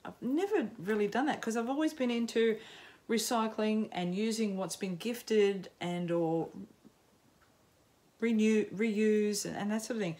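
Middle-aged Aussie woman, unhurried rambling chat, self-mocking, lots of ums. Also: mid-range voice, warm tone. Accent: Australian. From Australia. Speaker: knitting podcaster. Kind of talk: casual chat to camera. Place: home, in sunshine.

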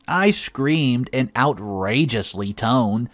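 Guy narrating a story, lively up and down voice, dry sound. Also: medium pitch, normal speed, no echo, soft background music. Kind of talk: reading a first-person story aloud.

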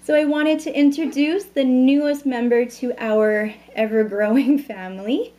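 A woman's voice: sits high, measured pace. Bubbly, chatty woman vlogger. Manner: bubbly and chatty, soft cooing to a baby. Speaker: beauty vlogger. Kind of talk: casual vlog chat.

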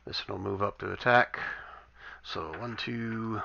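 A man's voice: on the low side, fairly even intonation, a little slow, creaky, bright, forceful tone. A man running a tabletop game as game master, counting dice rolls aloud and describing combat casually. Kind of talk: narrating a tabletop game over voice chat. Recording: dull lo-fi voice chat audio.

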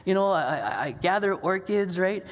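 High-voiced pastor with lilt. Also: male voice, animated, normal speed, in a large hall. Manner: conversational, storytelling with casual asides and fillers. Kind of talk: sermon. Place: church sanctuary.

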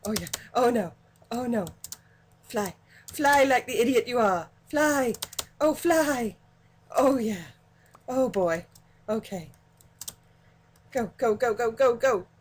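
A woman narrates her own gameplay in an excitable, giggly way, cursing cheerfully when things go wrong. She talks at a slow, drawn-out pace in a slightly high voice. Faint keyboard clicks sit underneath. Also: a little hiss or hum. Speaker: gaming channel host. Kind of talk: let's play commentary.

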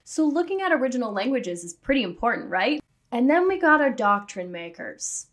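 A woman's voice: fairly high pitch, sing-song, fairly quick. A woman with a slightly raised voice talks to camera about her subject. She is sassy and self-aware, and she keeps throwing in jokey asides. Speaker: video essayist. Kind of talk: casual commentary to camera.

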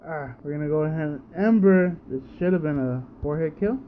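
A man's voice: a little high, fairly quick, phone-quality sound, slight background noise. A man giving casual gameplay commentary, sleepy and yawning, groaning in frustration at misses and repeating himself. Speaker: let's play gamer. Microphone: home recording setup.

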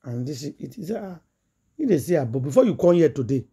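A woman's voice: low-pitched, big pitch swings, fairly quick, warm tone, husky. A woman with a Nigerian accent, a gossip vlogger retelling a story in Pidgin English and acting out the quoted dialogue in a chatty, dramatic way.

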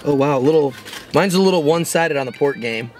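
A young man co-hosting an eating show, chatting casually between bites, joking and quick to complain. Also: a little high, a little hiss or hum. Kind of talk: casual chat while eating.

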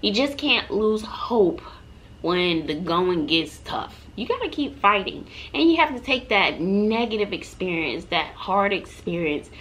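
A woman's voice: mid-range voice, sing-song, a little slow, a bit bright. A middle-aged woman from Texas telling personal stories on her vlog in a chatty, heartfelt, motivational way, talking straight to her viewers. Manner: earnest, emotional, chatty, addresses viewers directly. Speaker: vlogger.

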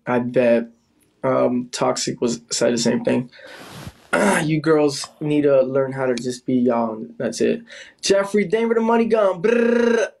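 A man's voice: medium pitch, fairly even intonation, unhurried, vocal fry, darkish tone. A man on a casual livestream who taunts his rival and calls out to his viewers. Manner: taunting, teasing, calling out to viewers. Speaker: livestreamer in a live battle.

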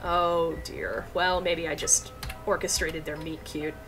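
A woman's voice: deep voice, fairly even intonation, slow, over music. A woman hosting a let's play, joking around in casual commentary and reading the game's text aloud. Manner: playful, jokey, reads game text aloud.

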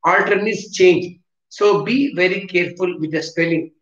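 A man teaches vocabulary to a class, using a board, with a South Indian English accent; he spells words one letter at a time and repeats himself. He speaks at normal speed in a high-pitched, slightly bright voice. The sound is roomy, distant, and dull.

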